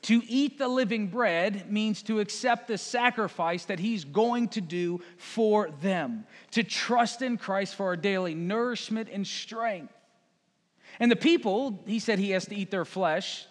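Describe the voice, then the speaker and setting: A man with a high voice preaches a sermon in a large hall, and his words ring out with a long reverb. He talks conversationally, slipping into quick voices for the crowd and for Jesus. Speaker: pastor.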